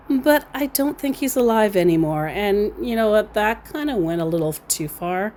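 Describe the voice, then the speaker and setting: A woman's voice: mid-range voice, animated, a little mellow, slight background noise. A woman recounting a chat with a scammer in a casual, amused storytelling manner, often laughing. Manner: slow, amused, reads out quotes with laughs.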